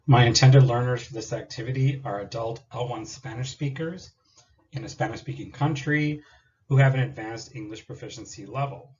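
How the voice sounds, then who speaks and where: A man's voice: medium pitch, normal speed, a little mellow, highs cut off. Man explaining a teaching activity. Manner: explanatory, partly read, with occasional fillers. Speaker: student teacher presenting a class activity. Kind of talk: recorded class presentation.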